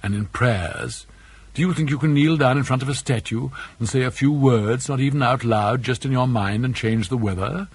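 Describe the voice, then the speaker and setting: A man reading an audiobook and voicing an earnest, skeptical young male student who talks in a questioning, measured way with a husky voice. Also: medium pitch.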